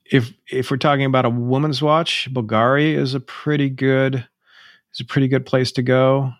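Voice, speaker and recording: A man's voice: mid-range voice, little pitch movement, no echo, clean studio sound. A man co-hosting a podcast in casual chat, rambling with frequent restarts. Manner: rambling, restarts often, drawn-out phrases. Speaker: podcast co-host.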